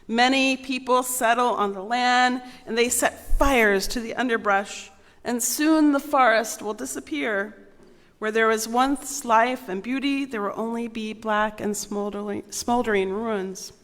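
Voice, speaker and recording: A woman doing a squawking toucan, high and urgent. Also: fairly even intonation, measured pace, fairly bright tone. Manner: high, exclaiming animal voice. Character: excited squawking male toucan. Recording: long reverb in a large hall.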